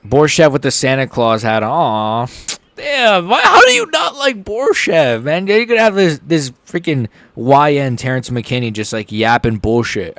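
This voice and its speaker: A young man hosting a livestream, giving live fight reaction commentary in a rambling, excitable way, swearing and swinging from mumbles to shouts. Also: mid-range voice, measured pace, no echo. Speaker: livestream host.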